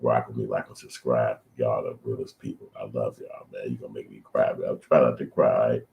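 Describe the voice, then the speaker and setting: A man's voice: rumbling low, level tone, fairly quick, gravelly, phone-quality sound, noisy background. A middle-aged man hosting his own channel, giving loose, rambling, slangy reaction commentary. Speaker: channel host.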